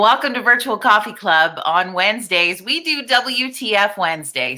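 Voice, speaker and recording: A middle-aged woman hosts a casual live-stream chat, speaking candidly, swearing freely and greeting viewers by name. Her voice is medium in pitch, bright and forceful.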